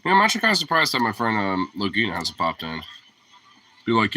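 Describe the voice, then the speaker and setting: A man's voice: fairly low pitch, wildly swooping pitch, fast, pushed and bright, slight background noise. A man livestreaming in a casual, rambling way, swearing often and leaning on fillers, with a sniffly nose. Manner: rambling and profane, heavy on fillers. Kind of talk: casual stream chat.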